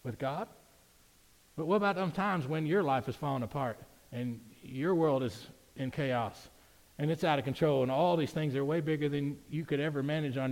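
A man preaches in a church. His voice sits a little high and he talks to the congregation in a conversational way, then builds to loud, emphatic peaks. The sound carries a long reverb from the hall. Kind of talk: sermon. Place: church sanctuary.

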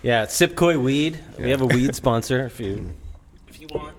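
A man co-hosting a casual podcast, teasing the others and cutting in with quick questions. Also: mid-range voice, a loud crowd. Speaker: podcast co-host. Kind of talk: casual banter.

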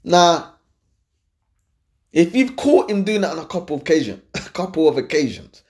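A young man gives blunt, animated relationship advice in a casual, slangy way, repeating his points. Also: fairly high pitch, normal speed. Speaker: advice-giving host.

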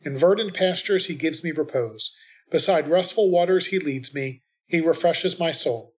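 A man reading the responsorial psalm and scripture readings at Mass in a measured, steady way. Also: on the high side.

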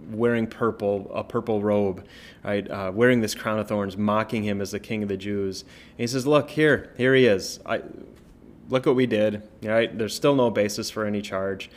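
A man with a lowish voice gives an informal Bible lesson as a pastor. He talks casually, restarting phrases and asking "right?" often, then moves into a quiet prayer. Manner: conversational, many fillers and tag questions; prays softly at the close.

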